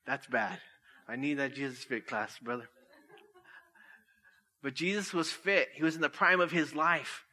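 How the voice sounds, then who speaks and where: Male pastor, 40s, bright tone; chatty sermon with self-mocking humor. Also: fairly high pitch, steady tone, slow pace, long pauses. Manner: jokey and conversational, laughing at himself.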